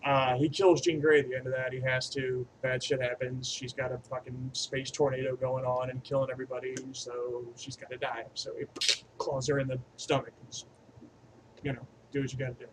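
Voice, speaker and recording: A man's voice: medium pitch, level tone, brisk, background noise. A man giving an off-the-cuff movie review, profane and rambling, swinging between enthusiastic bursts and mumbled asides. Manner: crude and profane, rambling aside-heavy delivery.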